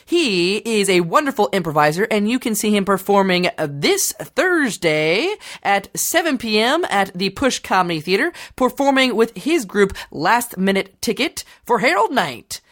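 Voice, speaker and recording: A man reads podcast plugs at a brisk, upbeat clip. His pitch lifts and swings often as he rattles through show times and ticket details. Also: very animated, a bit bright. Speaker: co-producer reading announcements. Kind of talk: quick promo readout.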